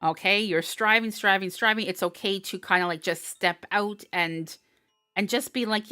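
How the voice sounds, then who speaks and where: A woman's voice: fairly low pitch, moderate pace, bright, forceful tone, smooth, dry recording. A woman giving a live collective tarot reading, talking in a chatty, upbeat way and laughing often. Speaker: tarot reader.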